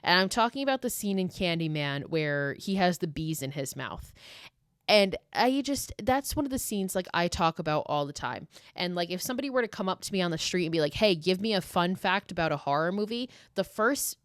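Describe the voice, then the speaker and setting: A woman's voice: lowish voice, very animated, fairly quick, no echo, clean studio sound. A woman hosting a podcast solo, talking casually and emotionally, gushing and swearing freely. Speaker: podcast host.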